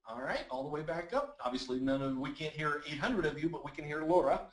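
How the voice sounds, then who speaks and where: A man's voice: a little high, fast talker. Upbeat man coaching a webinar. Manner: energetic and encouraging, reads audience comments aloud. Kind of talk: live webinar teaching. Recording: roomy echoey webinar audio.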